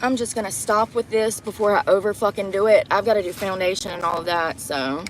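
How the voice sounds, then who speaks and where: A young woman vlogger livestreams a get-ready-with-me from a parked truck, filming on her phone as she does her makeup and tells a blunt story full of profanity. Her voice sits at medium pitch, steady and brisk, with a little hiss or hum in the audio.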